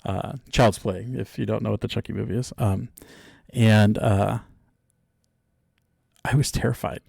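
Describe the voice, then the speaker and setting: A man's voice: fairly low pitch, fairly even intonation, measured pace, gravelly, a little mellow, dry recording, studio quality. A man chatting casually, telling a story with many fillers and restarts. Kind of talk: casual chat.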